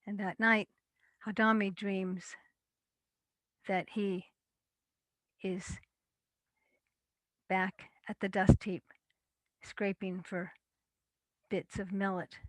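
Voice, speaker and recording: A woman storyteller telling a folktale in a measured, deliberate way. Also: medium pitch, level tone, dry recording.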